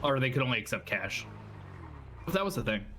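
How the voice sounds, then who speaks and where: Playful man, lively pitch, casual game banter, noisy game mix. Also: fast. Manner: playful, animated, teasing questions. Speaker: role-play player. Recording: noisy game audio behind.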